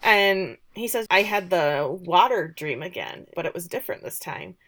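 Middle-aged woman, co-host, bright tone; animated casual recap. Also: fairly low pitch, normal speed. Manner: animated storytelling, acts out quotes with laughs. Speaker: podcast co-host recapping a show.

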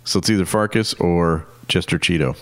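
A man co-hosting a podcast in casual comedic chat, wry and quick with jokes. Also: deep voice. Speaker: podcast co-host.

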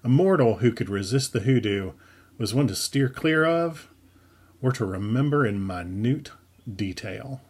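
A man reading his own story aloud in a wry, unhurried storytelling manner. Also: mid-range voice, animated, slightly rough. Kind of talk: audiobook narration.

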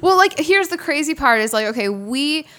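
A woman's voice: high-pitched, lively intonation, normal speed, pushed and bright. A woman hosting a casual podcast chat, rambling with lots of "like" and fillers. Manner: rambling, filler-heavy, frequent "like".

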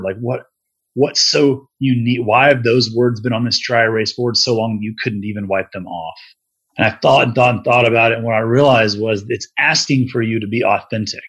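A man's voice: mid-range voice, slightly rough, rough recording. A middle-aged man, a venture investor, telling his story in a loose, candid interview, sprinkling in "dude" and "man".

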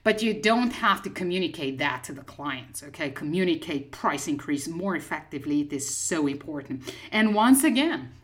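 A woman speaking as a business coach, giving direct, emphatic advice to a listener. Her voice sits a little low for a woman, and she keeps checking in with "okay?" as she stresses her points. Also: expressive, normal speed, few pauses.

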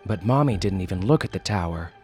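A man's voice: low-pitched, expressive, fast, a little mellow, breathy edge, soft background music. A man hosting a fiction podcast who reads a dramatic story aloud expressively, then adds wry casual asides. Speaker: podcast host and story narrator.

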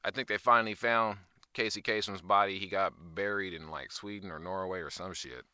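A man's voice: sits low, fairly quick, pushed and bright, clear, resonant tone, no echo, studio quality. Laid-back, slangy man hosting a podcast. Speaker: podcast host. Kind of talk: casual podcast monologue.

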